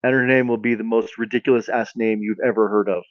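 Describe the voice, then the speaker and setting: Solemn bearded wizard, done by a man, slow hushed prophecies, dry dull recording. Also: lowish voice, steady tone, no room sound, lightly acted.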